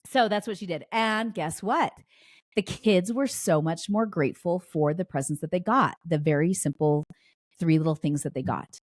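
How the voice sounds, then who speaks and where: A woman with a notably low, deep voice tells a story, casual and chatty. She backtracks often, dropping fillers as she goes. The sound is dry and close, with no room around it. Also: moderate pace, dry recording. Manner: chatty, with frequent restarts and fillers. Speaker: podcast host.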